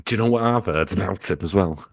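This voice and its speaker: A man co-hosting a comedy podcast, reading a story aloud and joking in a playful, deadpan way. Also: deep voice, fast, creaky. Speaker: podcast co-host.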